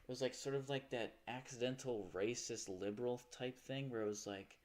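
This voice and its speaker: A man's voice: on the low side, fairly even intonation, normal speed, few pauses, a little mellow. Profane rambling male livestreamer. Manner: profane, rambling movie rant. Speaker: live streamer. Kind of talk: casual livestream chat.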